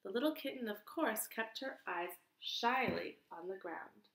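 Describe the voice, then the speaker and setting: A woman teacher reading a picture book aloud to children in an expressive, sing-song way. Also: medium pitch, measured pace, vocal fry. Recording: echoey room.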